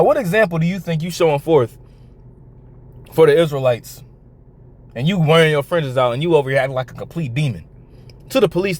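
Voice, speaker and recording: A man reacting to a video clip, quoting scripture slowly and swearing bluntly. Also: a little high. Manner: blunt, swears freely, reads verses slowly. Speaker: commentator.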